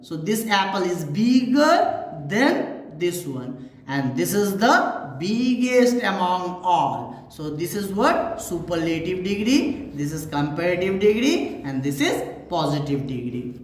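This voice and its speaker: A woman's voice: on the low side, very animated, slow. A woman teaching English grammar who asks questions, answers them herself and repeats each example. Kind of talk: classroom-style grammar lesson. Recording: very echoey room.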